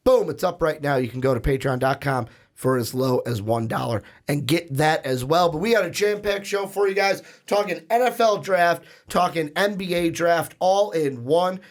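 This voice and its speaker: A man with a hoarse, raspy voice from shouting, hosting a casual sports podcast and rambling through plugs and asides. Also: a little high, normal speed. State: hoarse, lost voice. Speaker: podcast host.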